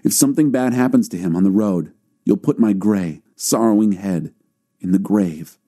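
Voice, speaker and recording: A man's voice: fairly low pitch, moderate pace, mellow, natural voice. A man reading the lines of a grieving, fearful old father in a scripture reading. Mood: sorrowful. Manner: mournful, pleading.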